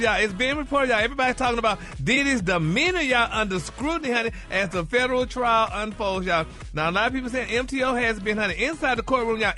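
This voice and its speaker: A man's voice: extremely high pitch, sharp tone. A man reading celebrity gossip on morning radio, dropping "y'all" and "honey" into every phrase.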